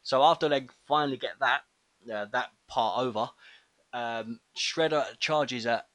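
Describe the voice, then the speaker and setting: This is a man co-hosting a casual podcast, easygoing and full of ums and uhs as he thinks aloud. His mid-pitched voice sits close and dry on the mic, with no room sound around it. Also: measured pace, dry recording. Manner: relaxed, hesitant, lots of fillers. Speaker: podcast co-host. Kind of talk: casual film review chat.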